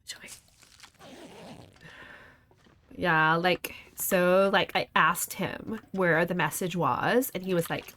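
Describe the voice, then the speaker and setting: A woman with a fairly low voice chats her way through a game stream. She rambles from one aside to the next and laughs often, in a relaxed, casual way. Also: slow, long pauses. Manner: chatty, laughs often, wanders between asides. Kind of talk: casual gameplay commentary.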